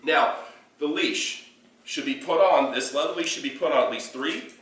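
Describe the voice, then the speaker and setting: A man's voice: a little high, normal speed, a bit bright. A man giving a hands-on dog training lesson indoors, explaining in loose spoken bursts with demonstrations mixed in. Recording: echoey room, picked up from a distance, faint background noise.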